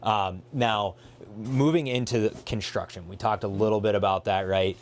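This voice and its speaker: A man with a fairly low voice leads a relaxed walkthrough, talking with obvious enthusiasm. He fills his talk with ums and you-knows and often restarts his sentences mid-thought. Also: normal speed, slight background noise. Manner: eager, filler-heavy, self-correcting. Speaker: dealership host showing a trailer. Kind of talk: casual walkthrough with a colleague.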